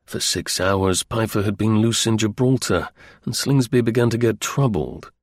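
Reading an audiobook in a measured, even style, this man's voice falls on the low side. There's no room sound, and the recording is studio quality.

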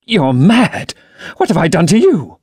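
A man doing a terrified young gentleman. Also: huge pitch swings, takes it slowly, no room sound, studio quality, full character voice. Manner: frightened, stammering, high strained pitch.

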